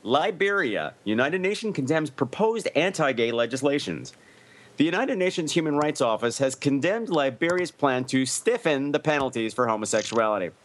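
A man's voice: medium pitch, big pitch swings, moderate pace. A man co-hosting a comedy podcast, reading news items aloud and adding wry asides. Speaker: podcast co-host. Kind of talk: casual comedic news chat.

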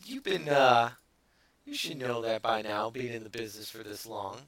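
A man's voice: medium pitch, moderate pace. A man hosting a casual comedy podcast, reading news stories and teasing his co-host, with lots of restarts. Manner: teasing, animated, many restarts.

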